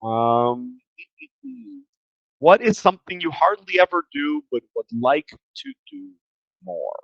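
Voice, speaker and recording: A man's voice: fairly high pitch, very animated, slow, no room sound. A man teaching English grammar in a casual, chatty way, tired and often repeating words as he thinks. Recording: slightly dull lo-fi sound.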